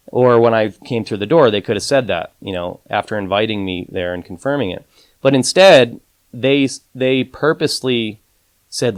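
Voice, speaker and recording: The man, an advantage gambler appearing as a podcast guest, has a medium-pitched voice and a moderate pace, recorded with no room sound. He tells a story in casual speech thick with "you know" and fillers, acting out retold quotes by raising his voice.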